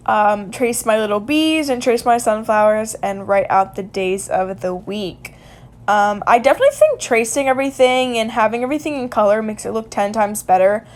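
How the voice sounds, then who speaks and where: A young woman casually narrating a journal-drawing vlog in a chatty way, with lots of fillers and little laughs. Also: on the high side. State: hiccups. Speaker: vlogger.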